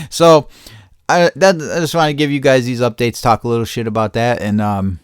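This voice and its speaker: A man's voice: medium pitch, steady tone, moderate pace, clean tone, no echo, studio quality. A man hosting a casual chat show, talking loosely, swearing often and laughing between thoughts. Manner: loose, profane, laughing asides. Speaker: podcast host.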